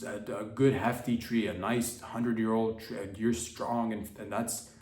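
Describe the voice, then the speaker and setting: A man's voice: lowish voice, level tone, unhurried, a little mellow, a little hiss or hum. Rambling man, echoey room. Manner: mock-dramatic, rambling, slangy. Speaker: podcast host. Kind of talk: rambling comedic monologue.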